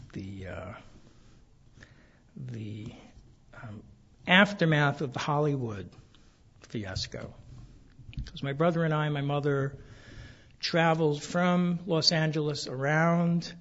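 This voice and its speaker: An older man with a husky voice, speaking softly and haltingly with many fillers as he tells a family story and reads from his memoir. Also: on the high side, highs cut off. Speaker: author reading from his memoir. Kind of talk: casual storytelling then reading aloud.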